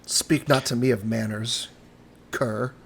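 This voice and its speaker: A man's voice: mid-range voice, fairly even intonation, takes it slowly, gravelly, fairly bright tone, a little hiss or hum. A man voicing a haughty upper-class adventurer who looks down on everyone around him. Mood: disdainful. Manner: pompous, disdainful.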